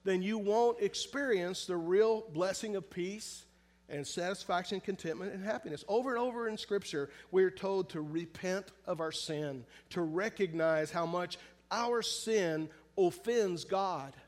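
A man preaching a sermon in earnest, pressing hard on some phrases and drawing others out softly and slowly, often asking his listeners direct questions. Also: sits high. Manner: earnest preaching, shifts between loud emphasis and soft, slow, drawn-out phrases. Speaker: pastor.

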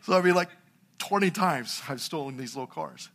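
A man's voice: on the high side, moderate pace, creaky, a bit bright, a little hiss or hum. A middle-aged man, a pastor, preaching a sermon and telling a humorous story from his own life.

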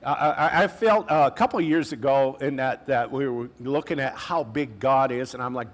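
A male pastor with a mid-range voice preaches a sermon conversationally, dropping in casual asides and slang and slowing down to stress key phrases.

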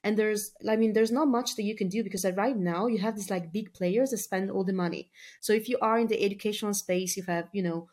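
A woman's voice: medium pitch, a little fast, few pauses, darkish tone. Chatty woman marketer on a podcast. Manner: chatty, lots of "like" fillers, laughs easily. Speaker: marketing lead, podcast guest. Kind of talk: casual interview talk.

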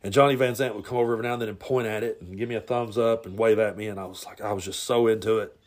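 A man's voice: lowish voice, steady tone, very fast. A man hosting a podcast and telling a long personal story in a blunt, rambling way, often stumbling and repeating words. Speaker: podcast host. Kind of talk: casual storytelling monologue.

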